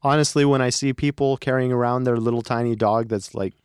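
A man answering questions as a podcast guest in a measured, thoughtful way. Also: mid-range voice, fairly even intonation, smooth, dry recording, studio quality. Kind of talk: casual podcast chat.

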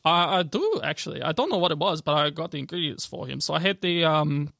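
A man's voice: on the high side, animated, fast, gravelly, sharp tone, no room sound, studio quality, exaggerated voice. A man voicing a cheery elf woman who runs an alchemy shop, chatty and full of little laughs.

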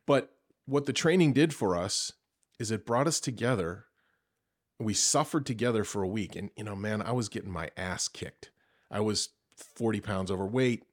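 A man, an actor guest on a podcast, chatting casually and telling animated stories. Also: lowish voice, normal speed. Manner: animated storyteller, acts out quoted voices.

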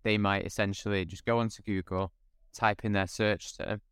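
Man, deep clear voice, calm steady explainer, podcast chat. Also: moderate pace, dry recording, clean studio sound. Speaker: podcast guest. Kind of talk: casual podcast conversation.

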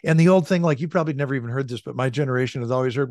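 Middle-aged man, leadership coach, conversational and energetic, mid-pitched voice, dry close mic. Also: very fast, no echo. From California. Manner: energetic, conversational, frequent "like" and "right?". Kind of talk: podcast interview, storytelling. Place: home office with a large bookshelf. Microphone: studio desk mic.

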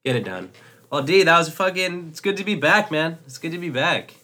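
A man's voice: a little high, animated, fairly quick, pushed and bright. Give me a laid-back young man telling stories as a podcast co-host. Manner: storytelling, swearing, laid-back. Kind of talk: casual podcast chat.

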